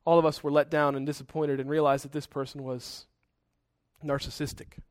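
A male pastor preaches briskly and earnestly, mixing in conversational asides, with little pitch movement in his fairly high voice. The sound is dry and close to the mic, with no echo.

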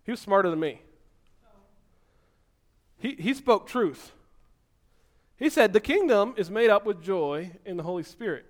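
A man preaching an energetic, animated sermon, so physically active that he sounds out of breath at times. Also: high voice, unhurried, long pauses.

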